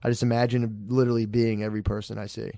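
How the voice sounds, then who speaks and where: A man's voice: lowish voice, little pitch movement, fast talker, vocal fry, mellow, no room sound, clean studio sound. A young man chatting casually on a podcast, telling rambling stories with lots of swearing and acted-out quotes. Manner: laid-back, swears a lot, acts out quotes. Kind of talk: casual podcast chat, storytelling.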